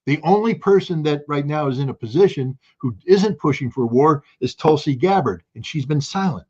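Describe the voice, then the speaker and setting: A man giving heated political commentary as a guest, forceful and indignant, often restarting his sentences. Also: a little high, lively intonation, moderate pace, breathy edge, muffled recording.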